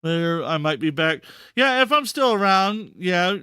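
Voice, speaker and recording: A man's voice: high voice, animated, a little slow, sharp tone, smooth, no echo, studio quality. A man hosting a live stream, talking casually and repeating himself in disbelief, stammering for words. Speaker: podcast host and streamer.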